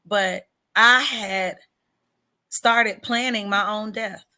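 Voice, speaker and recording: Earnest bright-voiced woman telling her story. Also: mid-range voice, steady tone. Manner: earnest and emphatic, drawn-out words for stress; candid about hard personal struggles. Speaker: singer-songwriter guest. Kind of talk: personal storytelling in an interview.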